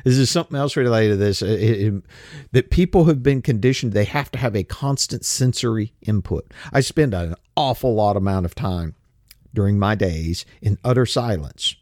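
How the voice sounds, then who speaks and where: A man's voice: fairly low pitch, moderate pace, darkish tone, no echo, clean studio sound. An older man, hosting a show and ranting in a blunt, folksy, profane way full of rhetorical questions. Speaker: podcast host. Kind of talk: casual rant.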